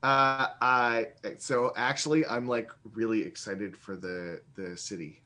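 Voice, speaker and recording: A man talks as a guest game master in a casual podcast. He rambles eagerly, jumping into quick asides. His voice sits in a plain middle pitch. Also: steady tone, bright, forceful tone.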